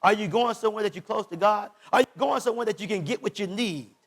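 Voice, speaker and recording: A man with a high, ringing voice, his delivery full of passion. He shouts some lines and drops others almost to a whisper, and he speaks God's words in the first person as he drives the message home. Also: quick pace. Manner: impassioned preaching, voicing God's words, swings from shouts to hushed lines. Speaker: pastor. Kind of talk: sermon.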